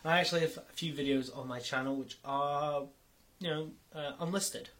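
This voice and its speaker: A man's voice: fairly high pitch, fairly even intonation, normal speed, a bit bright. A young man rambling through a casual vlog, often stopping to correct himself and swearing now and then. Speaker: YouTuber.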